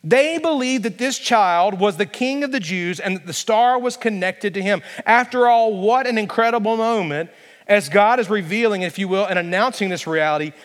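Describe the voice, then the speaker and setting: A man's voice: high-pitched, moderate pace, long reverb tail. A male pastor preaching a sermon emphatically, building to passionate peaks.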